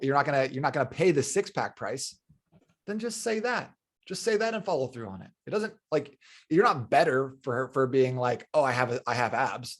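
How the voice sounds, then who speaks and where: Earnest man podcast host. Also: fairly high pitch. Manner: earnest, emphatic, repeats phrases for stress. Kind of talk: casual podcast interview.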